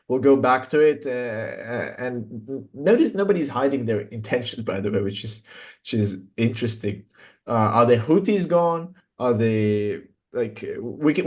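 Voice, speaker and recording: Halting, skeptical male commentator. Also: mid-range voice. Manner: halting, many fillers and restarts, skeptical. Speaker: guest commentator. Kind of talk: political commentary chat.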